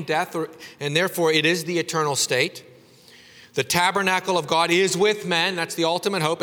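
A man preaching an expository sermon as pastor. He is earnest and emphatic, building to raised climaxes, dropping low after them, and often restarting phrases. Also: pushed and bright. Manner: earnest, with frequent restarts and "you know" asides. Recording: long reverb of a large hall.

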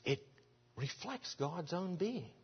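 A male pastor delivers an earnest sermon in a fairly high, husky voice. He swells to loud emphasis and sinks back to quiet asides. The sound is dull and muffled, ringing with long reverb in a large hall. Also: big pitch swings, slow. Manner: earnest preaching, swings between loud and soft, frequent restarts.

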